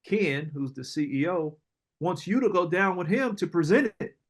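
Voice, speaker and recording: A middle-aged man, an entrepreneur guest, telling casual stories in an animated, slangy way, often acting out other people's lines. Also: sits high, normal speed, breathy edge. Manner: animated storyteller, slangy, acts out quoted voices, laughs often. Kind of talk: casual storytelling interview.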